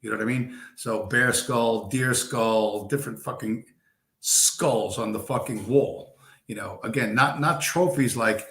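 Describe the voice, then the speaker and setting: A man's voice: fairly low pitch, normal speed, a bit bright. Roomy, rambling man ranting on stream. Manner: rambling, profane storytelling with many fillers. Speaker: live-stream host. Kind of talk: casual live-stream monologue. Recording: roomy echo.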